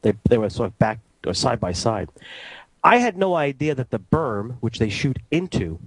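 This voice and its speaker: A man working as a radio transmitter engineer, telling anecdotes in a casual, animated way and acting out the dialogue. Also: medium pitch, normal speed, husky, no echo, rough recording. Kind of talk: casual storytelling.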